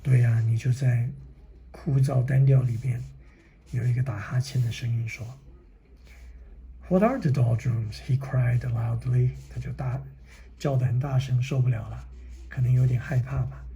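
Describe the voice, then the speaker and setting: Man reading a kids book out loud, explains words as he goes, gravelly deep dark voice, whispers sometimes. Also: flat delivery. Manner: reads slowly, stops to explain words in another language; drops to a whisper at times. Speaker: reader and teacher.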